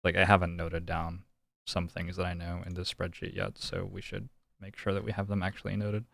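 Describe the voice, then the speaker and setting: A man's voice: deep voice, completely flat delivery, fairly quick, creaky, a bit bright, dry recording. A young man streaming a detective game, musing and thinking aloud in casual commentary.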